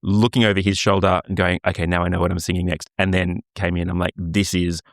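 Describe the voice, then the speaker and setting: An easygoing Australian man in casual chat who tells stories against himself. His voice is very deep. The recording is close and dry. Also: flat delivery, quick pace, no room sound. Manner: easygoing, self-mocking storyteller. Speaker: podcast co-host.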